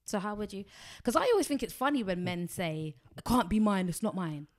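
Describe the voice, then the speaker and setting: A woman's voice: medium pitch, animated, brisk. A woman, chatting frankly and bluntly as a podcast guest. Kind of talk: casual chat.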